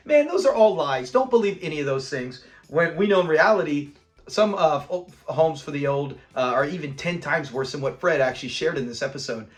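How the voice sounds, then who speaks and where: A man hosting a casual episode review, enthusiastic and rambling into side notes while acting out the lines. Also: high-pitched. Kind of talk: casual chat.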